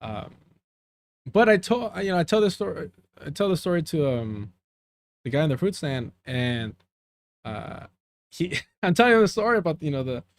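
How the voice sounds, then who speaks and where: His voice is on the high side and sing-song, moving at normal speed with long pauses. This border-region streamer casually chats with viewers through a meandering story, mixing in Spanish and frequently fumbling for words.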